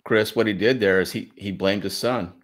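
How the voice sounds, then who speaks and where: A man's voice: lowish voice, fairly even intonation, normal speed, slight background noise. A man giving earnest, emphatic analysis of an interview as a guest statement analyst. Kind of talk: analytical commentary.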